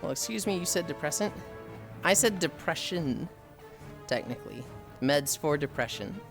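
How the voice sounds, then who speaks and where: Male streamer, Midwestern American accent, slightly high voice, loose and profane chat with viewers. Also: lively intonation, normal speed, vocal fry, a bit bright, soft background music. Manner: rambling, swears freely, answers chat messages aloud.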